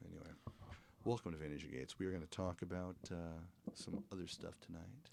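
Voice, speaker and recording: A man's voice: sits low, fairly even intonation, brisk, creaky, a little mellow, a little hiss or hum. A man hosting a casual comedic podcast, joking and laughing often as he talks. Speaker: podcast host. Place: small home studio.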